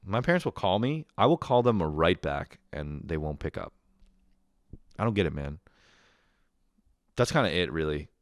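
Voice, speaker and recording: A man's voice: low-pitched, big pitch swings, moderate pace, long pauses, no echo, clean studio sound. A young man ranting casually and sarcastically as a comedy host, rambling and swearing often.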